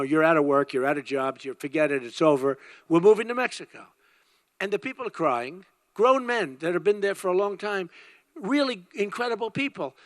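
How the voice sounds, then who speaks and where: A man's voice: high voice, pushed and bright, no echo. An older man giving an emphatic, rambling campaign rally speech, repeating his phrases over and over. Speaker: political candidate.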